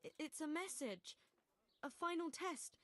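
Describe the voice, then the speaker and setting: Devout young peasant visionary, video game, earnest, slow-spoken, wide pitch swings. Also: female voice, expressive, fairly bright tone, no echo. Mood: fervent.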